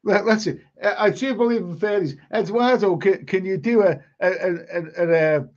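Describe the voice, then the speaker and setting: A rambling man hosts a casual live stream and answers viewer comments as they come in. His voice sits a little high for a man and trips over repeated words. The stream audio is dull and lo-fi. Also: moderate pace, darkish tone. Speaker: live stream host reading chat.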